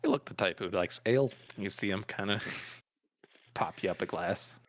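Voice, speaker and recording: Male game master, casual narration, low-ish voice, chuckles through it. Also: moderate pace, fairly bright tone, slight background noise. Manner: casual, laughing between lines.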